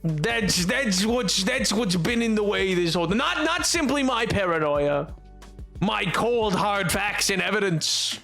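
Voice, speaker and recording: A man's voice: high voice, animated, a little slow, vocal fry, sharp tone, faint music behind. A young man streaming and chatting casually with his chat, rambling and joking with lots of fillers and restarts. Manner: rambling, jokey, self-interrupting with fillers.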